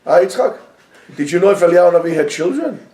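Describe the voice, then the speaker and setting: A man teaching a lively Torah class to students, joking and mixing in Hebrew phrases. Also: high voice, quick pace, reverberant.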